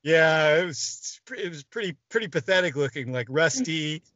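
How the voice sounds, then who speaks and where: A man's voice: on the high side, moderate pace, no room sound. Man telling a story, dry lo-fi sound. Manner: animated, restarts often, swears freely. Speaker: guest. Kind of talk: casual storytelling.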